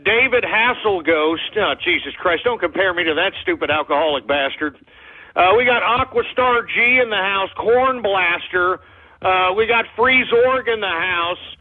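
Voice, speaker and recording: A man's voice: sits high, measured pace. A man with a Texan accent hosting a talk radio show, ranting belligerently and hurling profane insults at his listeners. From Texas. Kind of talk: abrasive call-in radio rant. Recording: phone-like lo-fi radio audio.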